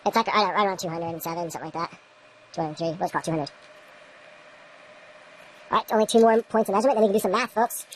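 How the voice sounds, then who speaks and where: Talking very fast but with long pauses, a woman with a lowish voice demonstrates light readings in her indoor grow room. She rambles casually to the camera and mutters at her equipment, and the rough recording has slight background noise.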